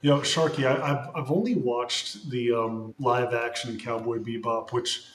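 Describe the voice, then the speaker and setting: A man hosting a casual livestream, rambling with many fillers and thanking viewers warmly. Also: mid-range voice, fairly even intonation, unhurried, slight background noise. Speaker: livestream host. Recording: roomy echo.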